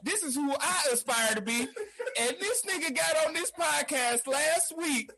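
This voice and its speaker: A man's voice: very high-pitched, expressive, a little slow, vocal fry, bright, forceful tone. A man co-hosting a podcast, teasing and profane in casual banter. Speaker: podcast co-host.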